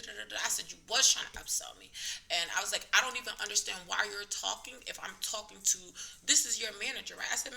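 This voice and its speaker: A woman's voice: mid-range voice, creaky, pushed and bright, a little hiss or hum. A woman vlogger casually retelling a story to camera with lots of fillers, acting out the other people's lines.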